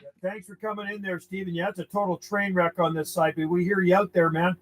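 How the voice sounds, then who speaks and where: A man's voice: high-pitched, little pitch movement, fairly quick, poor audio. A man working a CB radio, calling out call signs in a friendly, easygoing way. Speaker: CB radio operator.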